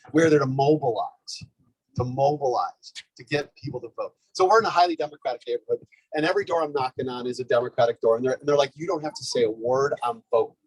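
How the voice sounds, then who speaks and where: A man giving a lively, conversational speech to a live audience at a community organizing event, often checking in with "okay?" and "right?". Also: medium pitch, slightly rough, no room sound, poor audio. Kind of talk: energetic storytelling speech.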